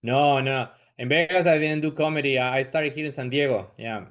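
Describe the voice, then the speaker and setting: A man's voice: medium pitch, a little fast, a bit bright. A man from southern Chile with a Chilean accent, speaking English as a second language, chatting loosely as a comedian guest on a podcast. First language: Spanish. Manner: easygoing, laughs readily, loose and informal. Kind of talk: casual podcast chat.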